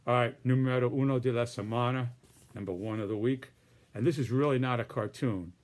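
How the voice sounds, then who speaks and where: A man's voice: medium pitch, brisk, a little mellow. A man presenting his political cartoons in casual, rambling commentary with many restarts and hedges.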